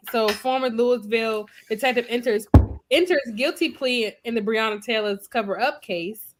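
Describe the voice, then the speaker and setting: A woman's voice: on the high side, moderate pace, background noise. Woman reading a news item aloud. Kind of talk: casual chat and news reading.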